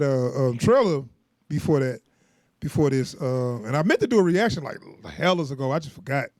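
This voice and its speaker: A man's voice: mid-range voice, animated, normal speed, no room sound, clean studio sound. A young man co-hosting a podcast in casual chat, laughing often and rambling in loose slang. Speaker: podcast co-host.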